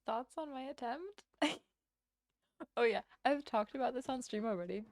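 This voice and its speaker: A woman's voice: a little high, moderate pace, no room sound. A woman in her twenties chatting casually on a livestream, rambling and self-deprecating, with frequent laughs. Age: 20s. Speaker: streamer.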